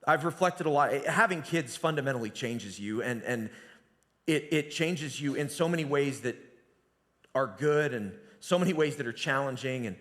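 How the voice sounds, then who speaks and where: A man giving a sermon as pastor, telling the story conversationally and dropping to a hushed voice at times. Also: medium pitch, lively intonation, moderate pace. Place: church sanctuary. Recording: long reverb of a church hall.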